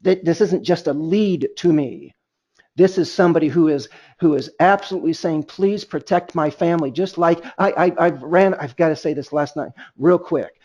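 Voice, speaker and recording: A man's voice: on the high side, normal speed, a little mellow, dull audio. A man leading a sales training webinar, emphatic and rambling, often restarting his sentences.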